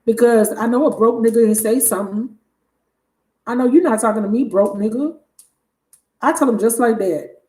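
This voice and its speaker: A woman hosting a live tarot reading stream, telling a story in a casual, animated and blunt way. She laughs often and swears freely. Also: a little high, moderate pace, long pauses. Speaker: tarot reader livestream host. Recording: roomy echo.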